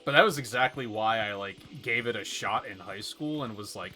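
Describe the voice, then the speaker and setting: A man's voice: on the low side, moderate pace, pushed and bright, soft background music. A young man streaming a video game, chatting casually with viewers in a rambling, exasperated way. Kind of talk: casual gaming stream chat.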